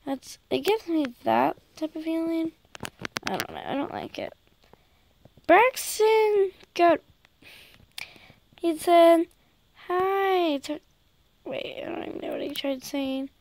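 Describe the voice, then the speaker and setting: High-voiced chatty woman gamer. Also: creaky, slight background noise, low-quality recording. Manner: chatty, excitable, talks directly to viewers. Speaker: gaming YouTuber. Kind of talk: casual gameplay commentary.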